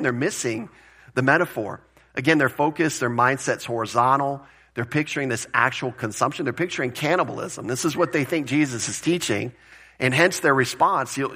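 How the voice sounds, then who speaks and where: A man preaching a conversational sermon as pastor, plain-spoken and animated, with joking asides. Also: medium pitch, breathy edge.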